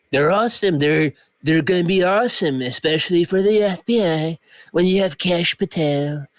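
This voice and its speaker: A man's voice: a little high, no room sound. A man coach talking in a rambling, joking vlog rant. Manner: rambling, joking, slips into mock accents.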